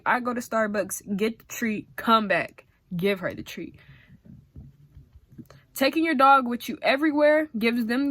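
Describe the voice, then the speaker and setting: A woman's voice: on the high side, dry recording. Emphatic young woman giving chatty advice. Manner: emphatic, animated, slangy and direct. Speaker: vlogger giving dog-training tips.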